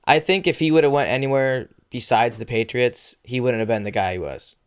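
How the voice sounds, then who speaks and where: A man's voice: medium pitch, normal speed, clean tone. A man co-hosting a podcast, talking football in a laid-back, hesitant way. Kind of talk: casual sports chat.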